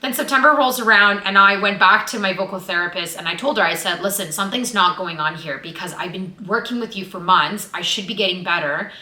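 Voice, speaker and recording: A woman's voice: medium pitch, fairly quick, hardly any pauses, pushed and bright. A young woman vlogging to camera in casual chat. She sounds nervous and open and says "like" a lot. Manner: nervous, open, heavy use of "like". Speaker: vlogger and actress. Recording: roomy echo.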